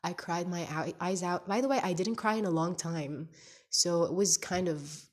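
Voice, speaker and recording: A woman in her twenties records a candid video diary, her nose stuffed up from crying. She speaks English as a second language, with a slightly low voice, and rambles as she hunts for the right words. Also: moderate pace. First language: not English. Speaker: podcaster. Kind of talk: casual confessional video diary.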